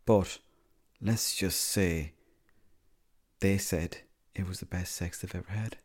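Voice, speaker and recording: A man with an Irish accent telling a rambling comic story in a deadpan, matter-of-fact way, stopping and correcting himself as he goes. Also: low voice, slow pace. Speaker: comedy character monologue.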